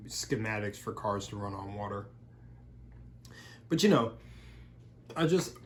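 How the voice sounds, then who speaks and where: A man's voice: fairly low pitch, slight background noise. A young man vlogging over a meal, rambling loosely with plenty of fillers and the odd curse word. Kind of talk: casual rambling monologue while eating.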